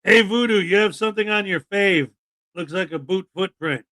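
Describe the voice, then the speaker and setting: A man's voice: sits high, normal speed, pushed and bright, no echo. A man hosting a casual live stream, joking sarcastically and chuckling as he comments. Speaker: streamer host.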